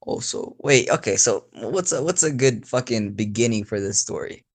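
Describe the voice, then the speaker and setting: Young male host, improvised storytelling, loose and filler-heavy, mid-pitched. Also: expressive, moderate pace. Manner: rambling, swears casually, many fillers. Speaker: channel host.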